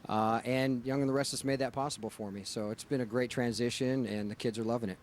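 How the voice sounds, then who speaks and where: A man's voice: mid-range voice, fairly even intonation, fast talker, a little hiss or hum. A man from Ohio, an actor guest, answering questions in an easygoing, jokey way. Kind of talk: casual interview answers.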